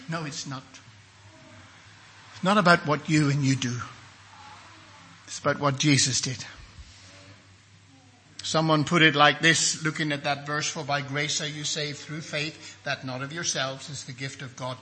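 A man's voice: a little high, steady tone, a little slow, long pauses, bright, forceful tone. An older man from England preaching a sermon emphatically, acting out the voices he quotes.

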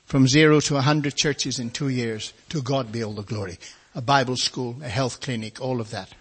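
Older male preacher, husky, folksy testimony storyteller. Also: medium pitch, moderate pace. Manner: storytelling, folksy, acts out voices of others. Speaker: preacher giving his testimony. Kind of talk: testimony sermon.

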